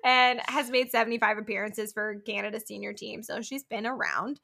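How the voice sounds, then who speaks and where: In this casual sports chat, a young podcast co-host discusses a soccer match with frequent swearing and laughter. She speaks a little fast in a steady, creaky, bright voice on the high side, with a forceful tone.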